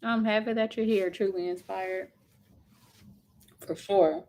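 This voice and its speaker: A steady, slow, medium-pitched voice with a darkish tone belongs to a woman livestreaming from home. Reading comments from her viewers, she reacts with sympathy and chats loosely, leaning on filler words.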